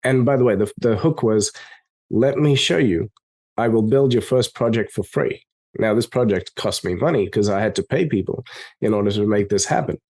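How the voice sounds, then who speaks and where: A man being interviewed as a software company co-founder, telling stories and acting out the dialogue in a raised voice. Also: on the low side, normal speed. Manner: animated, acts out quoted dialogue in a raised voice. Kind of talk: storytelling in an interview. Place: lives in Melbourne.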